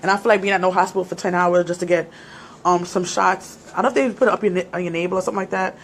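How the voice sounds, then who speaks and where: A woman's voice: lowish voice, fairly even intonation, rapid-fire, roomy sound, a little hiss or hum. A young adult woman vlogger, shaken and laughing nervously, retelling a scary night to her viewers on a phone. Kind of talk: casual storytelling to viewers.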